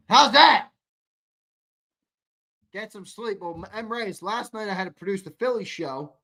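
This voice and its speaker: A tired young man hosting a live postgame sports stream, reading chat comments and ribbing viewers in a blunt, casual way. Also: high voice. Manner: blunt, ribbing chatters, swings from mumbling to loud outbursts. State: tired, yawning.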